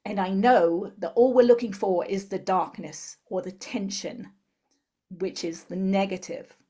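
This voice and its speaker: A woman guest in an interview, calmly explaining a tapping technique step by step. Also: medium pitch, a little slow. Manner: calm step-by-step instructor. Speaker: guest, tapping therapy practitioner.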